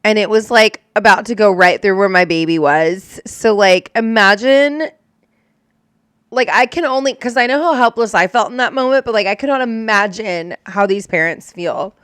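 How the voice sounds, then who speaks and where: A woman's voice: mid-range voice, moderate pace, a bit bright, smooth, no echo, studio quality. A young adult woman who is a storm chaser, talking candidly and emotionally in a casual reaction chat, swearing and using lots of fillers.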